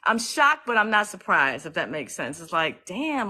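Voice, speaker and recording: A woman's voice: lowish voice, sing-song, moderate pace, hardly any pauses, sharp tone, low-quality recording. A woman hosting a casual livestream who speaks emotionally and outspokenly, swears freely and reads out viewer comments to thank them. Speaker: livestream host and activist. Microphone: phone livestream.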